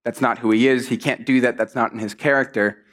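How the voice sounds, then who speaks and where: A man giving a conversational sermon, telling stories in an animated way and acting out what people said. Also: mid-range voice, a little fast. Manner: storytelling, animated, acts out quotes. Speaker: preacher.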